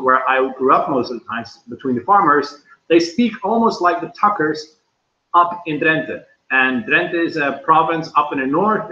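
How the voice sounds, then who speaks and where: A young man with a Dutch accent, chatting casually and laughing as he hosts a livestream and reads the chat aloud. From Netherlands. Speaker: vlogger hosting a livestream. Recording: echoey room, dull low-fi sound.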